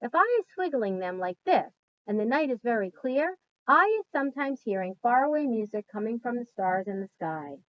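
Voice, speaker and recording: A woman reading aloud puts on a big, friendly old giant from a storybook. He talks in earnest, emphatic bursts with mangled grammar, in a voice on the higher side. The recording is dull and lo-fi. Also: very animated, normal speed.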